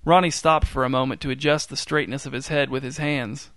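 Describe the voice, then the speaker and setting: A man narrating a short story in a dry, deadpan storytelling manner. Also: mid-range voice, fairly quick, dry recording.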